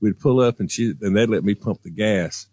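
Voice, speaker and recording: A man telling a childhood story on a radio talk show, animated and acting out voices. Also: on the low side, normal speed, no echo. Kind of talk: casual storytelling.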